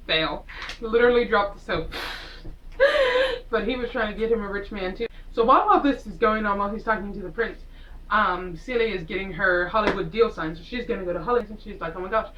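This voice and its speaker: A woman's voice: medium pitch, fairly quick, distant mic, muffled recording, a little hiss or hum. A woman casually recapping a film with sarcastic asides, rambling and acting out the characters as she goes. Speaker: vlogger reviewing a film. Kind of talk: casual chatty movie recap.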